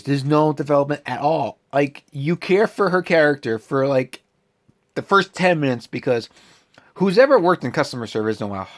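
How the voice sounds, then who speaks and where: Guy reviewing a movie on his channel, pitch all over the place, fed up and ranting. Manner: animated, exasperated ranting. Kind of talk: casual vlog movie review.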